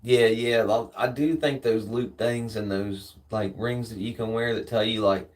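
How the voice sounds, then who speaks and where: A man's voice: lowish voice, fairly even intonation, normal speed, recorded from a distance, rough recording. A man hosting a live stream in casual chat, laid-back and slangy, swearing freely.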